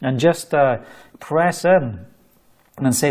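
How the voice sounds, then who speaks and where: A man's voice: mid-range voice, moderate pace, a little mellow. A Scottish man preaching a sermon, exhorting listeners fervently with jokey asides.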